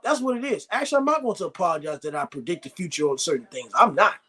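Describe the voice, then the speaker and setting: A man's voice: high-pitched, sing-song, fast talker, sharp tone, husky. A man hosting a live sports reaction stream, ranting bluntly and repeating himself. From United States. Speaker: sports show host.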